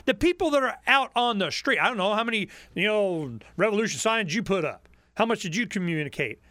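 A talk radio host delivering an impassioned call-in monologue, hammering his points again and again. His voice is a man's, sitting a bit high, with a tense, forceful edge. The sound is close and dry. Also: lively intonation, fairly quick, dry recording. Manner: fervent, repetitive, ranting.

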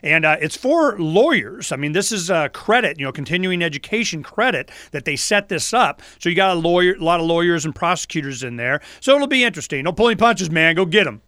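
A bright, high-pitched man hosts a talk radio show in a casual, animated way. He mocks officials by slipping into voices to imitate them. His voice sounds dry and close to the mic. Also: fairly quick, few pauses, no room sound. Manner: animated, mocking, puts on voices to mimic officials.

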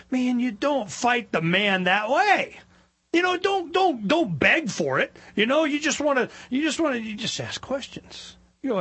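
A man hosting a talk radio show in a studio, talking in an animated, emphatic, rambling way and acting out other people's voices. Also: sits high, slightly rough. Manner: animated, emphatic, rambling with frequent "you know"; acts out other people's voices in quick asides.

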